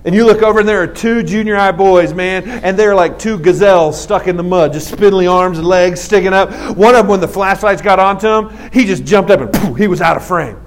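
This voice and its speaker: Comic storyteller, male, high voice, lively and animated with put-on voices. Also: fairly quick, hardly any pauses. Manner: animated, acts out voices, laughs at own story. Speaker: comedian telling a story. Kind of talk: stand-up storytelling.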